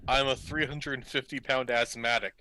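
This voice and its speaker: A man's voice: mid-range voice, fairly even intonation, normal speed, noisy background. A man co-hosting a casual podcast, cracking self-mocking jokes. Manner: self-mocking jokey banter. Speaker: podcast co-host. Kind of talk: casual chat.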